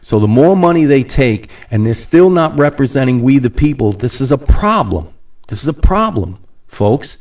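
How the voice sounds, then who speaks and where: A man's voice: medium pitch, sing-song, moderate pace, darkish tone, recorded from a distance. A man hosting a podcast, ranting in a casual monologue, sarcastic and rambling, slipping into mocking voices and laughing often. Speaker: podcast host.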